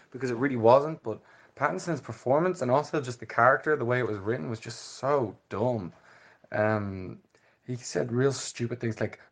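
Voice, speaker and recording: A man giving a blunt, dismissive review in a casual podcast chat, with hesitant fillers. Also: mid-range voice. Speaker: film podcast co-host.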